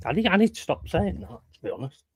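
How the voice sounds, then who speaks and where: A man's voice: high-pitched, big pitch swings, fast talker, breathy edge, dry recording. A man hosting a livestream, rambling and joking with his chat in a casual, banter-filled way and swearing now and then. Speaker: livestream host.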